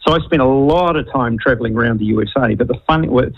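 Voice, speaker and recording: A man's voice: mid-range voice, fast talker, dry recording. A man calls in to a radio show and tells a travel story in a rambling, hesitant way with many fillers. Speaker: caller. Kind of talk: casual phone-in storytelling. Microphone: phone line. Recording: muffled phone line on radio.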